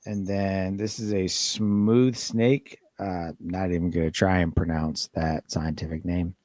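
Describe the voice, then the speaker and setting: A man hosts a casual podcast, his voice sitting low and easygoing. He reads listener messages with plenty of ums and loose asides. The recording is close and dry, with no room sound. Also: steady tone, unhurried, darkish tone, no room sound. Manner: laid-back, rambling with fillers. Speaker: podcast host.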